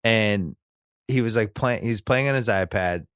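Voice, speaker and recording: A man's voice: lowish voice, unhurried, fairly bright tone, clear, resonant tone, no echo, clean studio sound. A middle-aged man hosting a podcast in casual chat, telling joking, exasperated stories about his kids. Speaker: podcast host.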